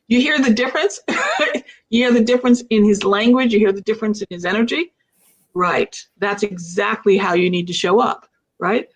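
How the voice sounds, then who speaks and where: A woman's voice: mid-range voice, normal speed. Woman livestream host, upbeat, laughs easily, talks in rhetorical questions. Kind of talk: livestream coaching interview.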